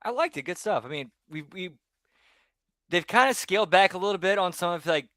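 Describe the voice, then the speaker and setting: A man co-hosting a podcast, telling personal stories in a loose, rambling way that often trails off quietly. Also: sits high, expressive, brisk, no echo, studio quality. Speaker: podcast co-host. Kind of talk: casual storytelling chat.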